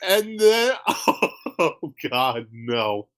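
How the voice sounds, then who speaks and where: A man in his twenties co-hosting a podcast, chatting casually in an excitable, joking way and laughing often. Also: medium pitch, very slow. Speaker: podcast co-host. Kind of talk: casual chat.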